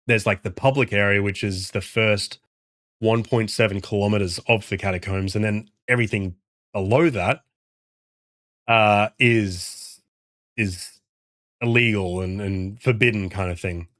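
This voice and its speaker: A man in a casual live-stream chat, rambling through his thoughts, swearing freely and reading out chat. His voice sits a little low, recorded close on a desk mic at home with a dry, dead sound. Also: a bit bright, no echo. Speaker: game streamer and indie developer.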